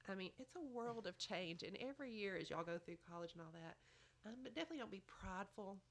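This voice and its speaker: A woman's voice: mid-range voice, lively intonation, fast. A woman giving motherly advice in a chatty podcast conversation, often saying "you know". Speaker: podcast guest. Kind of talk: casual advice chat.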